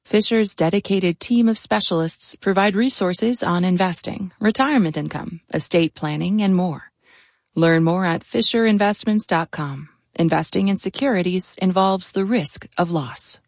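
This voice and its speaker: A woman reads sponsor messages for public radio in a smooth, promotional tone. Her voice sits a little low. The studio sound is dry. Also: moderate pace, a little mellow, no echo. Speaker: sponsor announcer. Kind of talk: read sponsor credits.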